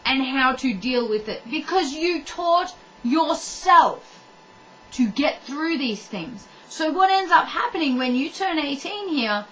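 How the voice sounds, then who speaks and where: A woman's voice: high voice, expressive, slow, a bit bright, lo-fi sound, a little hiss or hum. A woman ranting to the camera in a blunt, heated way, swearing and talking straight to the viewer. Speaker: vlogger. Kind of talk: ranting monologue.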